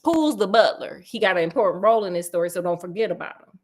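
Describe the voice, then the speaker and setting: A woman retelling a classic story in a casual, comic way, animated and slangy, talking right to her audience. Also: mid-range voice, fast.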